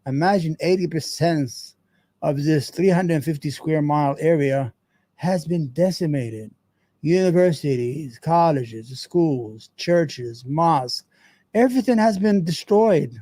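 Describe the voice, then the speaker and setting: Guy hosting a show, ranting and cursing over a news clip, voice on the high side but mellow. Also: animated, slow, dry recording. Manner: heated, profane, rambling. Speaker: show host.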